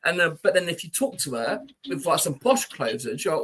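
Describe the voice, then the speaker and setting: Male podcast co-host, bright tone, casual and meandering. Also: a little high, very animated, brisk, husky. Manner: rambling, peppered with "you know".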